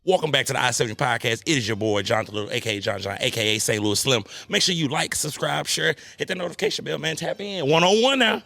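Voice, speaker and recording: Podcast host guy, gravelly and bright, talks fast, keeps saying you know what i'm saying. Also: medium pitch, expressive. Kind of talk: casual solo podcast chat. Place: cigar lounge.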